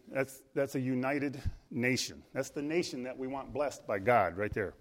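Man, preacher, sermon, earnest, emphatic on key words, halting restarts, live-streamed church service. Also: mid-range voice, animated. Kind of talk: sermon with opening prayer.

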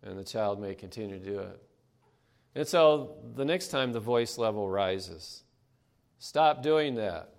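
An older man giving a conversational sermon, pausing often and clearing his throat between thoughts. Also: lowish voice. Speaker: preacher. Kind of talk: sermon with anecdotes.

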